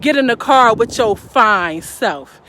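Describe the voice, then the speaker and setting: A woman voicing a smooth-talking, calm man who soothes and sweet-talks his girlfriend. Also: fairly high pitch, a little hiss or hum, voice pushed down. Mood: smooth, soothing. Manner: slow, soothing and suave.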